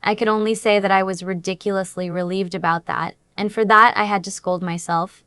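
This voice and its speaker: A woman's voice: mid-range voice, fairly even intonation, fairly quick, few pauses, a bit bright, smooth, dry recording. A woman reading a first-person romance story aloud in an earnest, dramatic storytelling manner. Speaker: audiobook narrator.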